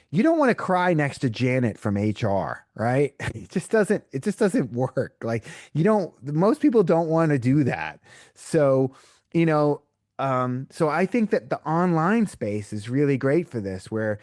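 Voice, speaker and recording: In a conversational podcast interview, a male breathwork coach tells stories and animatedly acts out what people said to him. His voice is medium-pitched and measured in pace, captured as clean studio sound with no echo.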